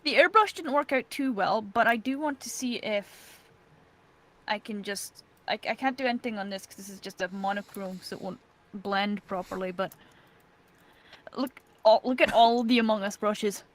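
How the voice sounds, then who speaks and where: A woman's voice: medium pitch, normal speed. A woman chatting on a stream, absorbed and commenting on her drawing as she works. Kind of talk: casual stream chat while drawing.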